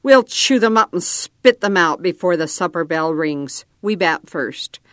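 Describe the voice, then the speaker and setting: A woman's voice: on the low side, lively intonation, unhurried, a bit bright, dry recording, studio quality. A woman voicing a mean, ornery grown cowboy who growls his lines. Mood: boastful. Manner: gruff, growling.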